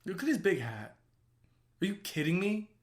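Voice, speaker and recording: A man who works as an actor and writer, giving casual watch-along commentary on a film in an excitable, gushing way that bursts into yelling. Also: sits high, moderate pace.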